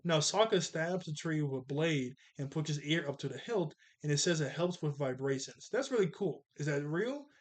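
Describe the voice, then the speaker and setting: Animated man recapping a cartoon. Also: a little high, moderate pace, few pauses. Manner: animated, acts out character lines in jokey voices. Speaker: cartoon reviewer. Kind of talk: casual episode recap.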